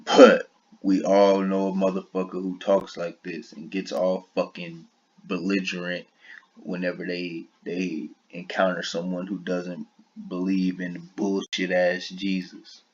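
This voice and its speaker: A man's voice: low voice, completely flat delivery, measured pace, highs cut off. A man giving blunt, combative reaction commentary, swearing heavily as he talks. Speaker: online commentator.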